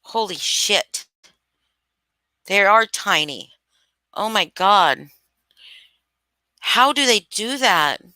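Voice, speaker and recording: A woman's voice: medium pitch, expressive, extremely slow, pauses often, pushed and bright, dry recording. A woman hosting a casual live stream, gushing and swearing freely as she chats with viewers. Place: home.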